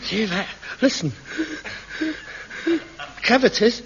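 Whiny young son, theatrical hypochondriac, bright high voice, dull old tv sound. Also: male voice, takes it slowly, exaggerated voice. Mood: whining. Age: young adult. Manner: theatrical, whining and self-dramatising. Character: hypochondriac grown son, melodramatic and self-pitying. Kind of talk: 1960s-70s TV sitcom acting. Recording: dull old TV recording, faint hiss.

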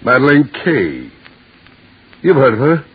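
A blustering pompous lord. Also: male voice, mid-range voice, huge pitch swings, measured pace, breathy edge, heavily acted. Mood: flustered. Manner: blustering, sputtering, stammering. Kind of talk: 1930s radio drama acting. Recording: muffled old radio recording.

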